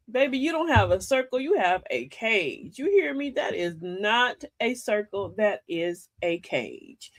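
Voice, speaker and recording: A woman's voice: high voice, a bit bright. An older woman hosting a live-stream talk, giving life advice emphatically, telling stories and calling listeners baby and y'all. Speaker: host of a live advice show.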